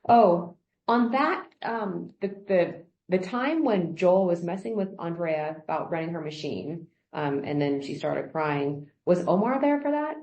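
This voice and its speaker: Gravelly-voiced woman interviewer, dull muffled echoey recording. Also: lowish voice, lively intonation, unhurried, few pauses, darkish tone. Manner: probing, clarifying questions. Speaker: workplace investigator.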